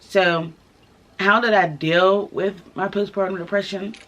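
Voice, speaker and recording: A young woman telling her own story to the camera in a casual vlog, candid and soft-spoken, pausing often with fillers. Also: medium pitch, fairly even intonation, dull audio. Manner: candid, halting, many fillers. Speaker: vlogger. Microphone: camera mic, filming herself.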